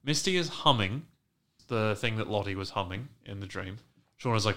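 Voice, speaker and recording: A man with a low but bright, forceful voice chats through a TV recap on a podcast. He swears freely and jumps into the characters' voices as he retells each scene. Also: normal speed. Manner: animated, profane, acts out characters' lines. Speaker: podcast host recapping a TV show. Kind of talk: casual recap chat.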